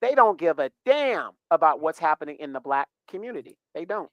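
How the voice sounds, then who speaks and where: A man's voice: on the high side, big pitch swings, fairly quick, no room sound, lo-fi sound. A man talks over a dry, close mic in a casual livestream. He rambles through his points and punches up his questions with emphasis. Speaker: livestream host. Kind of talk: casual commentary.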